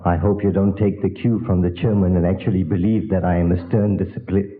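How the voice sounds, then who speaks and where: A man's voice: low-pitched, little pitch movement, a little fast. A man from South Africa moderating a question-and-answer session in a large hall, polite and formal with a light touch of humor. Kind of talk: formal event announcement. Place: large lecture hall with an audience. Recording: tinny, phone-like old hall recording.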